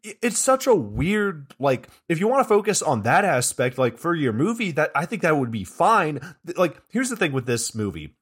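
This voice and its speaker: A man co-hosting a movie podcast, talking in a rambling, frustrated way about a film he dislikes. His voice is a bit husky and slightly high. It rises and falls a lot as he talks. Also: sing-song, normal speed, few pauses. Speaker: podcast co-host. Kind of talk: casual movie-review chat.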